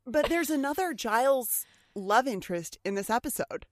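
Animated woman podcaster, dry sound. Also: on the high side, moderate pace, no room sound. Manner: animated, swears casually, acts out quoted lines. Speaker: podcast co-host. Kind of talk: casual chat about a TV show.

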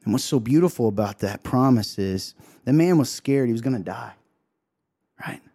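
A man's voice: mid-range voice, animated, moderate pace, mellow. Earnest man preaching a devotional talk. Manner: earnest, emotional, acts out quotes, many "right?" asides. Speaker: co-host sharing a devotional. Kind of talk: heartfelt sermon-style talk.

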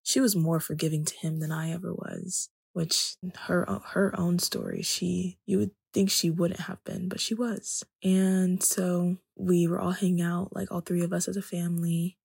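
Young woman talking softly, super breathy and raspy, bit of vocal fry, faint music behind. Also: lowish voice, little pitch movement, moderate pace, hardly any pauses, no echo. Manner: soft-spoken, often drops to a whisper. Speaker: podcast host. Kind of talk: personal storytelling monologue.

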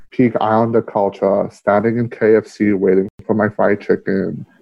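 Casual male podcast voice, low pitch, candid and profane, muffled audio. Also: vocal fry, mellow. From Australia. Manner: candid storytelling, frequent fillers and swearing. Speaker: podcast guest. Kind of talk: casual conversation.

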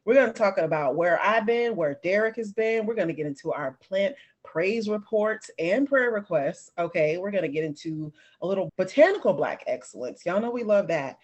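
A woman hosting a podcast in animated, playful casual chat, laughing often. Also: medium pitch, moderate pace, hardly any pauses, lo-fi sound. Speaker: podcast host.

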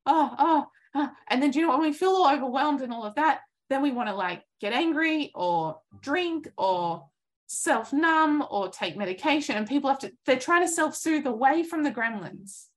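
A woman in her thirties giving an earnest, encouraging coaching talk, acting out inner thoughts in lively voices. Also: high voice, normal speed. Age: 30s.

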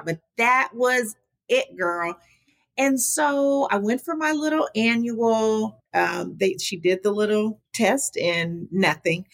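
Gravelly-voiced woman telling her story. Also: medium pitch. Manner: animated, talks to the host as "girl". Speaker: podcast guest, small business advocate. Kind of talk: candid conversational storytelling.

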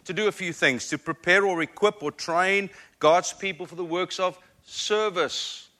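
A man with an African accent preaches as a guest speaker, and his voice rings bright and sits a little high for a man. He speaks earnestly and pokes fun at himself. He often repeats words as he builds toward a point. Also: unhurried. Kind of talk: sermon with storytelling.

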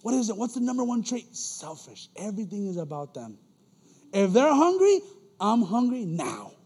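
A man preaching a casual, animated sermon in a church as an elder, using slang and acting out quoted voices. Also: high-pitched, moderate pace, gravelly, breathy edge, big-room sound.

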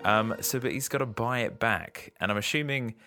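A man's voice: medium pitch, normal speed, over music. A man co-hosting a casual podcast, joking and guessing at plot twists. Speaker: podcast co-host. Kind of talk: casual chat.

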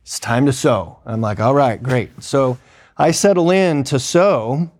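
Man, medium-pitched voice, casual storytelling, acts out quoted dialogue, lots of fillers. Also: measured pace, a little mellow. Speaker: emergency medicine clinician telling a story.

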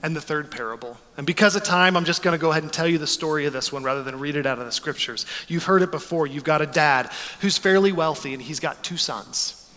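Pastor guy in his 40s preaching, bright voice, storytelling, big echoey church hall. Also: on the high side, fast talker. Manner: storytelling, animated, with a joking tone. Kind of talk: sermon.

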